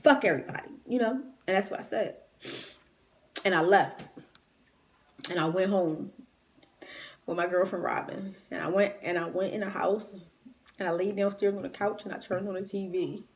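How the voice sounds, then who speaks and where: A woman's voice: mid-range voice, fairly even intonation, normal speed, pauses often. A woman retelling a personal story in a raw, emotional, conversational way, grieving and near tears. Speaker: vlogger.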